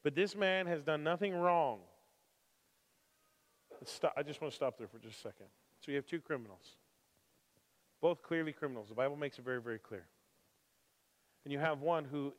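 A man preaching a sermon who moves from calm scripture reading to impassioned, emphatic preaching with repeated phrases. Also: medium pitch, moderate pace, pauses often. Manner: emphatic repetition. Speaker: pastor. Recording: long hall reverb.

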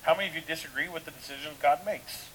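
A man's voice: a little high, fast, fairly bright tone, slight background noise, poor audio. A man preaching a sermon in a casual, conversational way, full of rhetorical questions and restarts. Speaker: pastor.

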